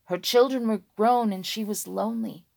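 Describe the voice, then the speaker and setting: A woman telling a dragon folk tale slowly and dramatically, dropping to a hush and rising on key words. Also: on the high side, gravelly. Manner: slow, hushed and dramatic, with sudden loud words. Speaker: storyteller.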